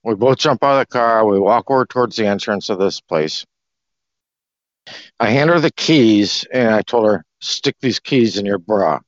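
Man, mid pitch, rambling and loose delivery, dry lo-fi call audio. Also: lively intonation, moderate pace, no room sound. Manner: rambling, loose, clears throat. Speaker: discussion group participant. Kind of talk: casual storytelling and explanation.

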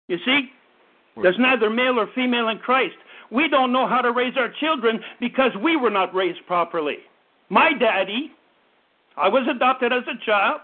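A man in his fifties with a very high, animated voice delivers a fervent radio sermon at normal speed, often stumbling, repeating words and restarting. The broadcast sounds tinny, like it's coming through a phone.

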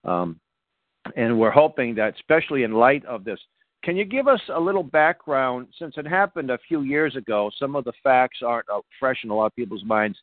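This is a Boston-raised man hosting a talk radio show, rambling through his announcements with plenty of fillers and restarts. His voice sits in a middle pitch. The sound is dry and narrow, like a phone line. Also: lively intonation, fairly quick, dry recording. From Boston, USA.

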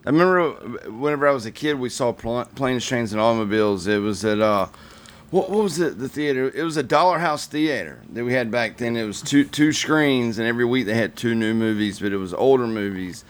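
A man with a middle-range voice chats casually on a podcast. He reminisces haltingly, often repeating words as he searches for the right one. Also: medium pitch. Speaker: podcast co-host. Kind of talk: casual chat.

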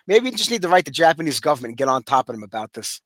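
Fast-talking Brooklyn man hosting radio. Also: on the high side, sing-song, fairly bright tone, no room sound. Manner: rambling, full of "like" and "you know" fillers. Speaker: radio show host. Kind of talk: casual radio chat.

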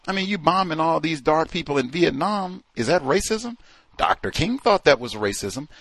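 A man's voice: fairly high pitch, lively intonation, normal speed, fairly bright tone, no room sound. A man hosting a call-in show, talking casually and animatedly, acting out the voices of people he quotes. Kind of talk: casual radio talk.

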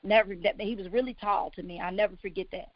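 A woman recounts her own past in a halting, emotional way, full of ums and restarts and close to tears. Her voice has a gravelly edge. The sound is dry and lo-fi, a little dull. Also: mid-range voice, fairly even intonation, no echo. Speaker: guest sharing her life story. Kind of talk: personal testimony on a talk show.

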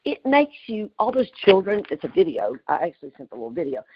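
A woman, telling an animated story with exclamations on a group call. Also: on the low side, fast, slightly rough, highs cut off. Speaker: community call participant.

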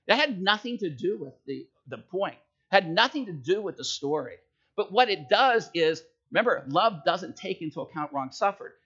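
A man's voice: a little high, a bit bright, slightly rough, muffled recording. A man preaching a sermon in a conversational way, telling jokes and stories and checking in with his listeners. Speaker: pastor.

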